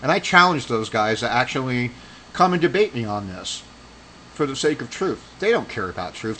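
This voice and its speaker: A man's voice: fairly high pitch, pushed and bright, slight background noise, low-quality recording. A man giving a casual religious commentary monologue, rambling and argumentative, with heated accusing stretches. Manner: rambling with restarts.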